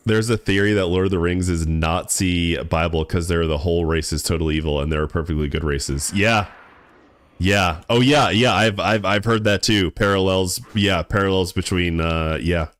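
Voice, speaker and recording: A man's voice: sits low, steady tone, moderate pace, a bit bright, no room sound. A young man streaming a game, chatting casually with his viewers in a laid-back, rambling way that stumbles and repeats words. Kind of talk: casual live-stream chat while gaming.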